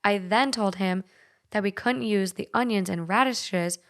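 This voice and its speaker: A young woman with a light Minnesotan accent hosts a podcast, her medium-pitched voice moving a little slowly. She chats casually, swears freely, and reads listener stories aloud.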